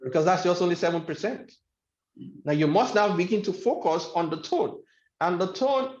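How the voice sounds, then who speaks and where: A man with a fairly high voice delivers a motivational training talk, stressing and repeating his main points. The recording is echoey and a little dull, as if made in a bare room. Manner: emphatic, repeats key phrases. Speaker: webinar trainer. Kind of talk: motivational lecture.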